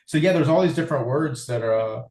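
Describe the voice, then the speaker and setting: A man's voice: mid-range voice, fast talker, darkish tone, reverberant. A man from California with a Californian accent, chatting casually as a podcast guest, laid back and rambling with repeated words. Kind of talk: casual chat.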